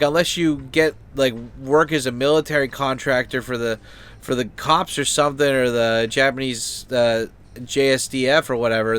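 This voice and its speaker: A man's voice: medium pitch, bright, forceful tone, smooth, no room sound. A man hosting a channel, talking in a loose, rambling way with lots of fillers, restarts and swearing. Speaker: channel host. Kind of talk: casual opinion chat.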